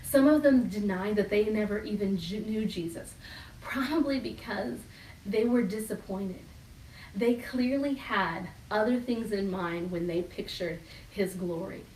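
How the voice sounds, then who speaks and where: A middle-aged woman pastor preaching a sermon, animated and laughing as she acts out quoted voices. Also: medium pitch, measured pace, distant mic, slight background noise. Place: church hall. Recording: echoey room from off mic.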